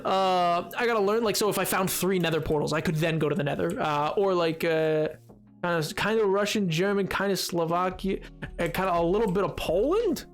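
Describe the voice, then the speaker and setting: A man's voice: high-pitched, a little fast, soft background music. A man streaming a game live, chatting casually with his viewers in a rambling way and laughing often.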